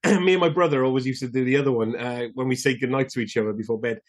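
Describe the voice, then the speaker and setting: A man from Wales co-hosting a casual film podcast, laughing easily and jumping in quickly. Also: medium pitch. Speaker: podcast co-host.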